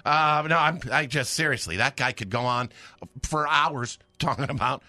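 A man's voice: medium pitch, moderate pace, bright, forceful tone. A middle-aged man hosting a radio call-in show, joking and cutting in with quips. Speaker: radio host.

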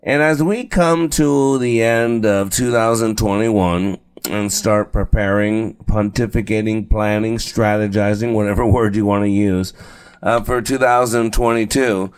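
A man hosting a motivational radio show, talking conversationally with lots of "uh" and "right?", slowing down to stress key phrases. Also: fairly low pitch, flat delivery, clean tone. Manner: conversational, fillers and frequent tag "right?". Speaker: radio and podcast host. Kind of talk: motivational talk show monologue.

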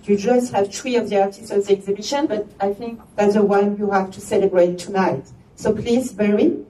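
A woman's voice: medium pitch, steady tone, moderate pace, dark tone, a little hiss or hum. A woman with a French accent, chairperson of an arts organization, gives a formal opening speech with chatty asides and restarts. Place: gallery opening event. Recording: echoey room from far off.

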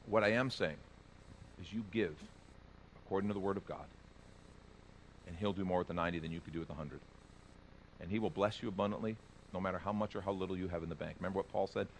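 A man preaching a sermon as pastor, earnest, rising loud when he reads scripture. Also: deep voice, fast talker, long pauses, a little hiss or hum.

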